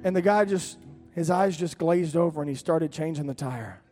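Animated preacher telling a story. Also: male voice, on the high side, normal speed, hardly any pauses. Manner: animated storyteller, sudden loud peaks and laughter. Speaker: pastor. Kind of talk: storytelling sermon.

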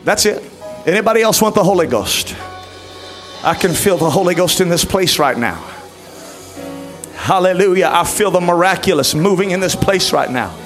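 A man's voice: sits high, very animated, moderate pace, long pauses. Fervent preacher man with music behind. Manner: pleading, rising to shouted fervent prayer. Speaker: pastor. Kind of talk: altar call and prayer.

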